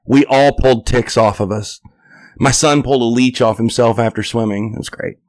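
A man's voice: medium pitch, fairly even intonation, normal speed, darkish tone. A man from Arkansas, telling a story in casual podcast chat and putting on voices for the people in it. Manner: drawling anecdote-teller, acts out quotes in raised voices.

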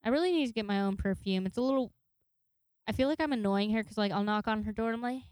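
A woman's voice: medium pitch, very fast, darkish tone, clear, resonant tone, dry recording. A young woman hosting a podcast in casual chat, rambling and giggly, with a chatty way of talking. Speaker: podcast host.

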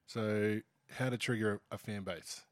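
Lowish aussie dude, deadpan jokes on a sports podcast, dry mic. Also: male voice, moderate pace, no room sound. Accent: Australian. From Australia. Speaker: podcast co-host. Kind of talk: casual sports chat. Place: small room at a table.

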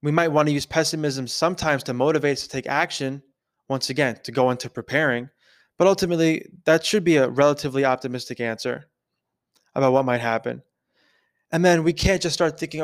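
A man hosting a podcast, thinking aloud in a casual, conversational way and often checking in with a quick "right?". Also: medium pitch. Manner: conversational, keeps asking "right?". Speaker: podcast host. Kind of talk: casual reflective podcast talk.

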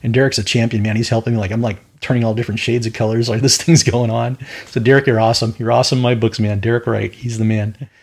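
A man's voice: mid-range voice, little pitch movement, quick pace, a little mellow, husky. A man who is a minister and podcast host, telling stories in a casual fireside chat. He talks earnestly, rambles off on tangents and often asks "right?". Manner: rambling, with tangents and frequent "right?" tag questions; earnest, matter-of-fact about spiritual warfare.

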